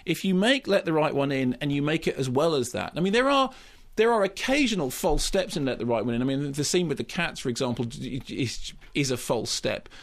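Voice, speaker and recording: Gravel-voiced film critic ranting. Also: male voice, on the high side, expressive, brisk. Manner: impassioned, emphatic, with frequent restarts. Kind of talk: opinionated radio film review.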